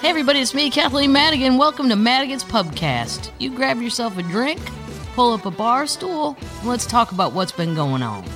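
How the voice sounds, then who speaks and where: A woman's voice: fairly high pitch, very animated, a little fast, loud music behind the voice. A middle-aged woman hosting her own podcast, chatting casually with wry, rambling asides. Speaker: podcast host. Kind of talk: casual solo chat.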